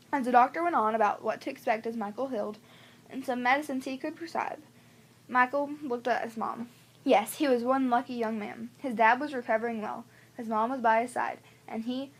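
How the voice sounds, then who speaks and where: A woman reading a novel aloud, unhurried and gentle, with small slips now and then. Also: on the high side, husky. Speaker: audiobook reader. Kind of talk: audiobook narration.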